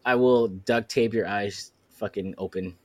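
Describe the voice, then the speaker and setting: A man from Queens with a New York accent, co-hosting a casual podcast and talking in an animated, swearing way. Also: on the low side, measured pace. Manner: animated, swearing, lively storytelling. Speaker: podcast co-host. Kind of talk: casual chat.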